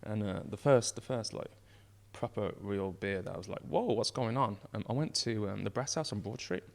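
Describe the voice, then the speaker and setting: A man, a brewery founder chatting as a podcast guest, telling excitable, rambling stories. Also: fairly low pitch, fairly quick, vocal fry. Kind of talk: casual chat.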